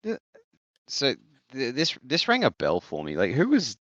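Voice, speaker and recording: A man's voice: medium pitch, huge pitch swings, unhurried, fairly bright tone, no room sound. A man co-hosting a casual book chat, blunt and opinionated, swearing casually, on a dull, dry lo-fi mic. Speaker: podcast co-host.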